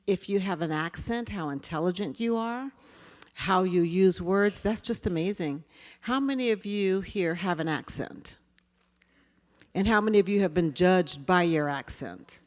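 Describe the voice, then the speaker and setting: A woman presenting a workshop, talking to her audience in a lively way and asking them questions. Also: medium pitch. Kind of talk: interactive talk. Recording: hall reverb.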